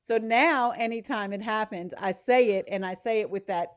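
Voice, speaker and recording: A woman's voice: medium pitch, moderate pace. A woman chatting casually on a video call, sharing a story and laughing easily.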